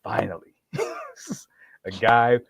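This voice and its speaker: With a creaky, husky, mid-range voice, a podcast host draws out his words while telling a story in casual chat. He's animated, laughs often, and acts out what people said.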